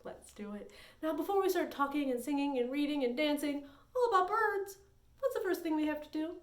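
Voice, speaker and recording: A woman's voice: high-pitched, a little fast, roomy sound. A woman leading a children's story time as librarian, with a bubbly, sing-song, playful way of talking. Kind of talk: virtual story time for kids.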